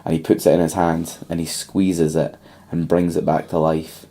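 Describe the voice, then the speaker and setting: A man's voice: deep voice, level tone, normal speed, warm tone. A young man co-hosting a casual podcast, retelling a film plot at length with lots of ums. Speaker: podcast co-host.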